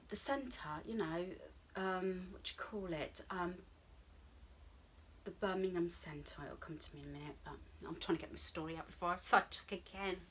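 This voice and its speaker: A woman's voice: lowish voice, a little hiss or hum. A British woman in her fifties telling a personal story to camera in a rambling, chatty way, with lots of ums and asides and her own thoughts acted out in quotes. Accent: British English. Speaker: vlogger.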